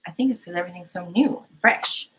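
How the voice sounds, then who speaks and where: A woman's voice: fairly low pitch, fast, a little hiss or hum, rough recording. A young woman hosting a painting live stream, chatting casually and giggling as she talks to her chat. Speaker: painting livestream host.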